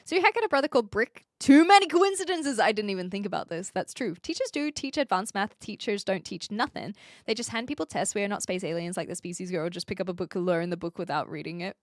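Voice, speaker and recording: A woman's voice: mid-range voice, lively intonation, quick pace, dry recording, studio quality. A woman, streaming and chatting casually as she reads viewer comments, rambling and playful with frequent giggles.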